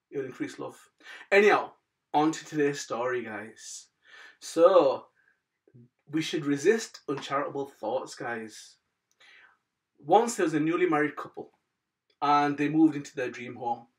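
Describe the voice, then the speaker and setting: A man shares a moral tale in a relaxed, chatty way, pitched somewhat high for a man. He keeps calling his audience "guys" and lets his phrase ends fade softly. His voice sits a little back from the microphone. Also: far from the mic. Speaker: host of a daily moral story channel. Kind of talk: casual storytelling with religious advice.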